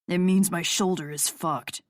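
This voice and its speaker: A woman narrator voicing a bitter male rock musician in an audiobook, in a lower, flat, growling tone. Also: unhurried, dry recording, close to an everyday voice. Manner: low, flat, growling delivery. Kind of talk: audiobook character voice.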